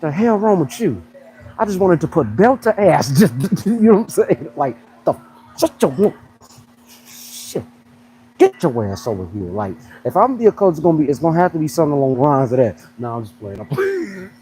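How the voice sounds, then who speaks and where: A young man with a fairly high voice that leaps all over the place as he jokes around. His talk is loose and slangy, in the easy flow of a casual livestream chat. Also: fairly quick, low-quality recording. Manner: animated, joking, slangy. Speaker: fitness coach and pro bodybuilder.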